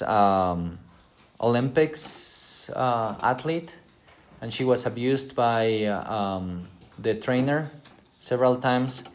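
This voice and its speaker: A middle-aged man preaching a conversational sermon, speaking directly and asking his listeners rhetorical questions. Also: medium pitch.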